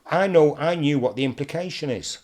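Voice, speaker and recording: Mancunian man telling lively anecdotes. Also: fairly high pitch, fairly quick. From England. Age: older. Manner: animated storyteller, mimics others in quotes. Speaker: guest presenter. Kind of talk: casual interview anecdotes.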